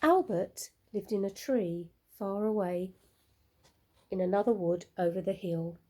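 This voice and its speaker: A woman teacher with a medium-pitched voice reads a picture book to a group of children, moving slowly and bringing the story to life expressively.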